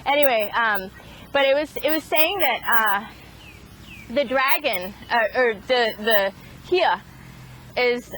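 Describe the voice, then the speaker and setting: Woman, somewhat high voice, casual vlog talk, halting restarts, fillers. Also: fairly bright tone, a little hiss or hum, poor audio. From Boston area. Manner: halting, many restarts and fillers, chuckles at herself. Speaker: chicken farm vlogger. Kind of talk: casual rambling monologue.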